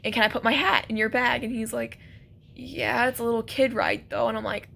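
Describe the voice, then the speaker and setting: A young woman telling a casual, animated story about a first date, laughing and acting out quotes. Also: on the high side, a little fast, gravelly. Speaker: vlogger.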